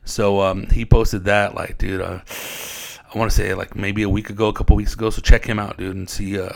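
A man's voice: fairly low pitch, a bit bright. A man from Riverside, California, telling stories in a laid-back podcast chat, swearing often and saying "dude" constantly. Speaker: podcast host. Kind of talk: casual storytelling.

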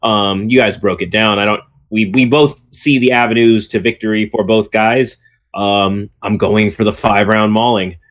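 A man's voice: fairly low pitch, fairly even intonation, normal speed. A man co-hosting a sports podcast, rambling through his pick with dry jokes. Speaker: podcast co-host. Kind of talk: casual sports chat.

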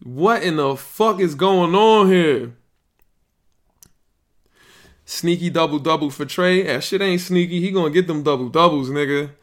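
A podcast host reacting live to a fantasy draft, excitable, yelling and laughing. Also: male voice, a little high, moderate pace.

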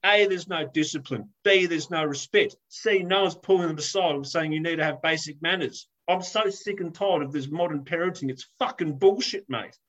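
A man with a high-pitched voice rants through a story in casual podcast chat. He swears freely and slips into voices for the people he describes. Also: normal speed, hardly any pauses, lo-fi sound. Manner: animated ranting, swears, acts out voices.

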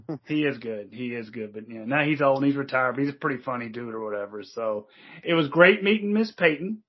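Sex: man. Origin: Louisville. Role: co-host. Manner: chatty, joking. Pace: fast. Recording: muffled lo-fi. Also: medium pitch, expressive. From Louisville, Kentucky. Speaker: podcast co-host. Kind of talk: casual interview chat. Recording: dull lo-fi audio.

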